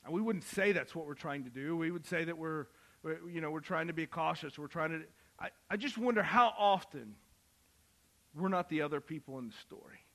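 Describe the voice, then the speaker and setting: A man preaching a sermon, moving from quiet Bible reading to loud, impassioned calls. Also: on the high side, a little fast. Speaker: pastor.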